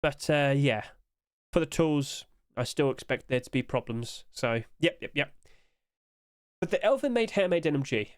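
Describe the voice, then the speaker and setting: Young male commentator, a little high-pitched, tired, chatty, full of rhetorical asides. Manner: chatty, rhetorical questions, talks to items on screen. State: tired, yawning. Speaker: game skin market commentator. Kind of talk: casual screen-share commentary.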